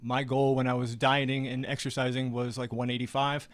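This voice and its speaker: A fast-talking man co-hosting a casual live stream, trading dry jokes. His voice is recorded close and dry, with no room around it. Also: medium pitch, little pitch movement, no echo. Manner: dry, joking, quick. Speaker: co-host.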